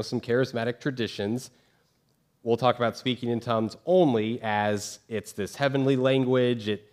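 A pastor giving a casual, conversational sermon to his congregation, full of fillers and rhetorical questions. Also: medium pitch.

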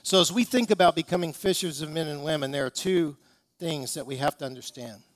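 Male pastor, higher voice, emphatic sermon storyteller who leans on rhetorical questions. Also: fairly quick, no echo.

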